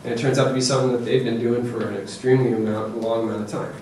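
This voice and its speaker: A man giving a lively, joking parenting talk to an audience, often checking in with "okay?" and "right?". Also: mid-range voice, rapid-fire, distant mic, a little hiss or hum. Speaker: presenter to parents. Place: presentation room with audience. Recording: echoey room, voice from afar.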